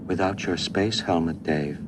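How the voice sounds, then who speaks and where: HAL, a coldly calm computer. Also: male voice, sits low. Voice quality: soft, level, unhurried. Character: calm male shipboard computer, coldly polite. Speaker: film character. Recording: hissy old film soundtrack.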